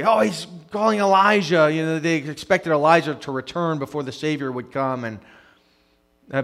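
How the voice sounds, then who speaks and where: In a voice on the high side, a male preacher gives a conversational sermon. He moves from loud, emphatic stretches to soft, hushed moments and tends to repeat words when starting phrases.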